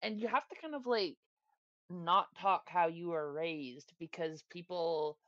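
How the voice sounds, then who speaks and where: A woman's voice: on the low side, unhurried, fairly bright tone, no echo. A woman from Canada, a podcast guest, talking bluntly in casual chat with plenty of swearing. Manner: blunt, heavy swearing, emphatic. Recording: dull lo-fi dry sound.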